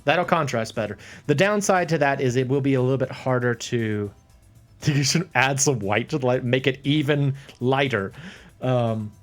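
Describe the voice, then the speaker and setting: A man's voice: medium pitch, moderate pace. A man hosting a live stream while he paints a model, thinking aloud, rambling and chuckling to himself as he talks to his viewers. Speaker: livestream host painting a model. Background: faint background music.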